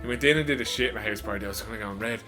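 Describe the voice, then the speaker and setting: A man's voice: on the low side, very fast, loud music behind the voice. A young man from co-hosting a podcast, jokey and laughing through his stories. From Ireland. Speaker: podcast co-host. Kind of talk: casual chat.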